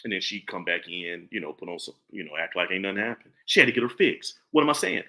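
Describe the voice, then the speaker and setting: A man in his forties giving a casual, preachy opinion monologue, animated and repetitive. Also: sits low, fast talker. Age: 40s. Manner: animated, preachy, repeats himself. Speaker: commentary vlogger.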